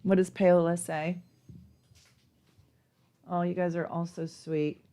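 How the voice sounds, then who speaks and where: A woman's voice: lowish voice, little pitch movement, slow, warm tone. A woman astrologer chatting effusively on a live stream, laughing often as she gives chart readings. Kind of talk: live-stream casual chat.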